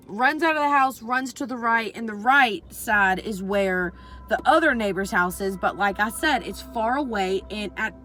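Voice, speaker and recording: A woman's voice: mid-range voice, bright, forceful tone, rough recording. A young adult woman vlogger telling a story casually, rambling with constant fillers and swearing freely.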